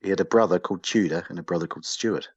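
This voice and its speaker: Low husky guy on a podcast, trivia-minded, dull muffled mic. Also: darkish tone, no room sound. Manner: chatty, trivia-minded, quick asides. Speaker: podcast co-host. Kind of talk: casual chat about old British TV.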